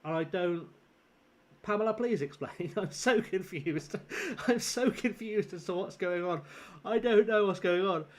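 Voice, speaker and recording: A man's voice: sits high, unhurried. A young man streaming a game, chatting casually in a rambling, self-deprecating way and chuckling often. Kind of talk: casual gaming livestream chat.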